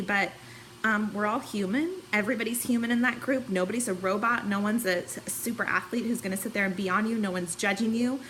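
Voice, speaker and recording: A woman's voice: medium pitch, a bit bright, slight background noise, low-quality recording. A woman in her thirties giving a candid, chatty personal testimonial about a fitness challenge, at times tearful and emotional. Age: 30s. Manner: candid, chatty, many fillers.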